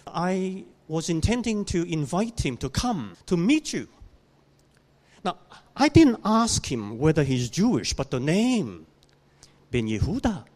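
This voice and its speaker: A man preaching a sermon in a church, telling a story in a slow, deliberate way and putting questions to the congregation. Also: sits high, sing-song, a little mellow. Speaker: pastor.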